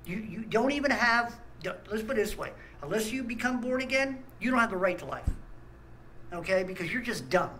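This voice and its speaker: A man's voice: high-pitched, lively intonation, normal speed, bright, forceful tone, a little hiss or hum, poor audio. A man, host of a small ministry channel, ranting angrily with blunt talk and stammered restarts. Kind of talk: angry ranting monologue.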